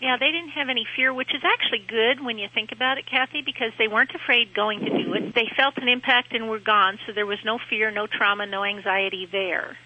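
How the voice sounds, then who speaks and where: A woman gives a calm reading as an animal communicator, reassuring the caller in gentle tones. Her voice is bright and forceful. It comes through a dull lo-fi radio line. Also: a little high, fairly quick, hardly any pauses. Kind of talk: calm consoling phone reading.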